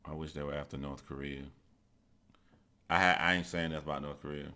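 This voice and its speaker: A man's voice: extremely low pitch, steady tone, a little fast, pushed and bright. A man hosting a live stream, telling stories in a casual, profane, rambling way and reading out viewer chat.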